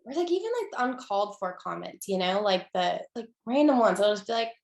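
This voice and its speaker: A young woman talking casually as an interview guest, with lots of fillers and restarts, getting lively when she quotes people. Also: mid-range voice, fairly quick, creaky, reverberant.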